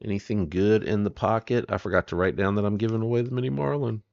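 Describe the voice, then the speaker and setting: A man's voice: on the low side, fairly even intonation, fast talker, vocal fry, darkish tone, no room sound, lo-fi sound. A man hosting a live stream, chatting casually and rambling as he greets viewers by name.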